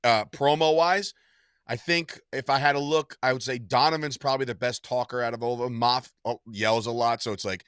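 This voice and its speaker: A man's voice: mid-range voice, steady tone, brisk, fairly bright tone, clean tone, dry recording, studio quality. A man co-hosting a wrestling podcast in casual chat, opinionated and blunt, swearing freely. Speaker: podcast co-host.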